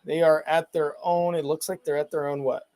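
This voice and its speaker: High-voiced casual fan play-by-play man. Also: a loud crowd. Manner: relaxed, calls downs and yardage, quick to laugh.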